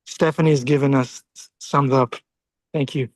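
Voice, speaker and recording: A man's voice: medium pitch, steady tone, normal speed, dry recording, poor audio. A man moderating an online class, thanking speakers and handing over the turn. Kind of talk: casual moderating.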